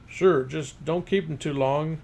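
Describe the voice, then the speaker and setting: A man voicing a gruff, laconic middle-aged father who speaks slowly. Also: fairly high pitch, darkish tone. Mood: easygoing.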